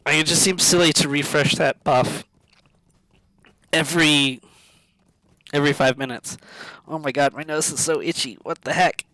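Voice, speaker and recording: A man casually commenting on an online game as he plays it on a live stream, musing aloud in halting self-talk. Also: fairly high pitch, steady tone, sharp tone, dry recording.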